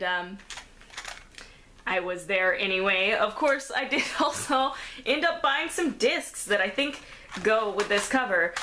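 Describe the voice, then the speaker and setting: A woman's voice: mid-range voice, bright, forceful tone, slight background noise. A woman chatting casually while making a craft, self-deprecating and laughing often, a little out of breath. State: slightly out of breath. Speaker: craft vlogger.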